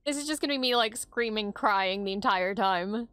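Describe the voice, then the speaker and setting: A young woman hosting a reaction video, chatting casually and gushing, squealing high when something is cute. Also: moderate pace, hardly any pauses, a bit bright, clean tone, no echo, faint music behind. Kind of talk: excited casual reaction commentary.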